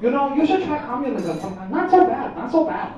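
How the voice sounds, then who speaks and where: A shrill, scolding GPS voice, high and bossy, snapping clipped insults at the driver, as a man puts it on. It sounds from a distance in a reverberant pub, muffled, with a crowd laughing around it. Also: sing-song, quick pace. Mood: smug. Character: rude shrill male-voiced cheap GPS device.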